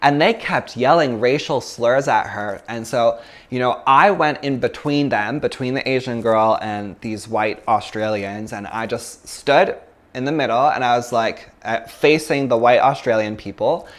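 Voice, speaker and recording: A man's voice: medium pitch, unhurried, fairly bright tone. A man teaching a yoga class, talking in a loose, chatty way and telling stories with plenty of fillers. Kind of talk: casual talk to a yoga class.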